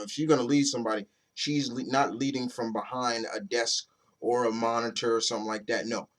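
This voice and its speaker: A man at an ordinary middle pitch talks through a comic book review in a loose, rambling way. He swears now and then, restarts sentences often, and keeps it casual and chatty.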